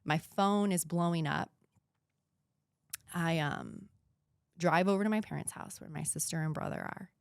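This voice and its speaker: A woman in her thirties from the United States, a podcast guest telling a painful personal story in an earnest voice that sometimes drops to a hushed whisper. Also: sits low, measured pace, vocal fry, long pauses, smooth, dry recording.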